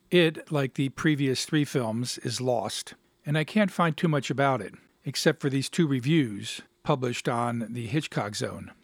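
A man reading a short story aloud in a measured, even manner. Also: mid-range voice, husky, dry recording, studio quality. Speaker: narrator and host.

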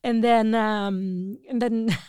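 A woman's voice: a little high, fairly even intonation, takes it slowly, darkish tone, clean tone, no room sound, clean studio sound. Chatty woman, often laughing. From Italy. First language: Italian. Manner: chatty, laughs often, many fillers and restarts. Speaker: language teacher. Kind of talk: casual conversational storytelling.

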